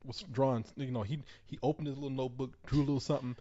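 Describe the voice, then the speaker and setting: A man hosting a podcast, telling a crude comic story in a laughing, animated way. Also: medium pitch, racing. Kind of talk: casual comedic storytelling. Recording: dull lo-fi recording.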